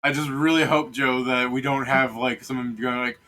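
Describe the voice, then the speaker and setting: A man's voice: mid-range voice, steady tone, moderate pace, hardly any pauses, pushed and bright, poor audio. A man chatting casually with friends during a tabletop game, telling a rambling story and swearing freely. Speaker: player and streamer.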